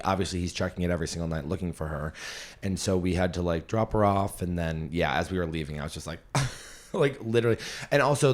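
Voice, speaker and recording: A young adult man hosting a podcast, telling a story in a candid, rambling and emotional way. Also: deep voice. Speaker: podcast host and comedian. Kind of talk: casual storytelling chat.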